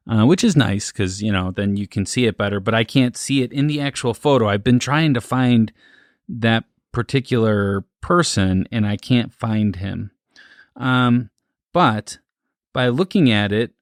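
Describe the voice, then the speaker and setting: A man's voice: fairly low pitch, dry recording, clean studio sound. A man co-hosting a casual podcast, skeptical and hedging as he thinks aloud with plenty of fillers. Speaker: podcast co-host.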